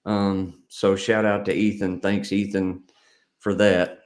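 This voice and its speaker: A man hosts a laid-back live stream in a lowish voice. He rambles, jokes and picks on his viewers. He greets people by name as their comments come in. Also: flat delivery, slow. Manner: joking, rambling, reads viewer comments aloud. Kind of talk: casual live stream chat.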